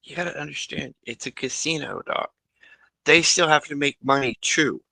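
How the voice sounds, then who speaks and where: Bright-voiced man, reassuring in role-play. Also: a little high, moderate pace, gravelly, dry recording, poor audio. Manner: reassuring, keeps asking "okay?". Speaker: player. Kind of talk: in-character role-play in a tabletop game.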